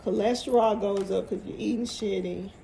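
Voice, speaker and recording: A woman's voice: medium pitch, fairly even intonation, moderate pace, creaky, dark tone, a little hiss or hum. A woman giving a casual tarot reading to viewers, emphatic and motivational, often repeating her phrases. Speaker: tarot reader.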